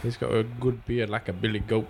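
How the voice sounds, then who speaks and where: A man's voice: lowish voice, little pitch movement, a little fast, noisy background. A man, a podcast guest, bantering in a playful, teasing way. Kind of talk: casual comedic chat.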